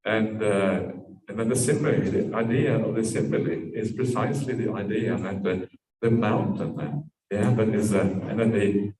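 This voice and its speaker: A man's voice: lowish voice, steady tone, normal speed, a crowd in the background. A man, a Buddhist monk, gives a dharma talk at a meditation retreat, telling a parable and tagging sentences with "yeah". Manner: storytelling with frequent tag "yeah"s. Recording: distant mic in an echoey room.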